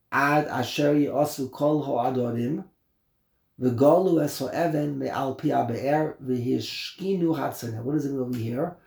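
A man teaching a Torah class, explaining verses and commentary in an animated way that acts out the voices of the people in the text. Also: medium pitch, gravelly, reverberant. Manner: animated, acts out voices, switches between Hebrew and English.

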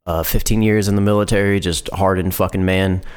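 A man with a very deep voice hosts a casual podcast chat. He tells stories in a relaxed, rambling way, swearing often and voicing the people in them. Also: brisk, clear, resonant tone. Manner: profane, laid-back storytelling with lots of "like". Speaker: podcast host.

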